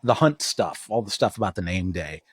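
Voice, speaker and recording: A man with a lowish voice recaps a TV episode as co-host of a podcast. He rambles loosely, cracks crude jokes and swears. The sound is dry and close to the mic. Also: expressive, fairly quick, slightly rough, dry recording. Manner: rambling, jokey, swears and laughs often. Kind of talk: casual TV recap chat.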